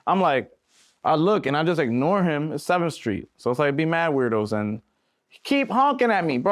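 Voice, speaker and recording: A man's voice: a little high, brisk, no room sound, clean studio sound. A young man, a musician guest on a podcast, telling stories in a casual, slangy way and acting out voices. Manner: animated, slangy, acts out voices in his stories. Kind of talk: casual storytelling.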